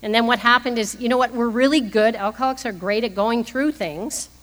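A woman's voice: a little high, a little fast, a bit bright. Woman, fifties, humorous personal testimony, laughs a lot, long hall reverb. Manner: laughing often while telling her story. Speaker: speaker at a recovery meeting. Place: meeting hall.

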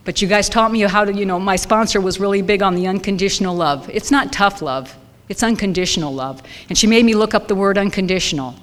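A woman in her fifties from Southern California, sharing a wry, lively personal story with a support group meeting. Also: mid-range voice, quick pace. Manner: lively, wry, acts out her own reactions. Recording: long hall reverb, faint noise.

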